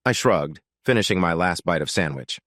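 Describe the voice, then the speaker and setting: A man narrating a first-person story in a steady, scripted way. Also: low voice, normal speed, no echo, studio quality.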